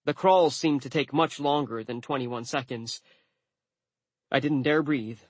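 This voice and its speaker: A man narrating an audiobook in the first person with a wry, deadpan delivery. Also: mid-range voice, unhurried, no room sound.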